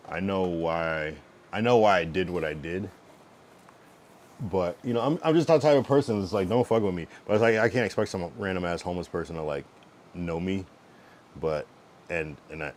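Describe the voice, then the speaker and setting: A man's voice: deep voice, a little fast, a little hiss or hum. A male streamer chatting casually to his viewers, rambling, profane and blunt, with lots of fillers. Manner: talks to chat while fiddling with his stream setup. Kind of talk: casual livestream chat.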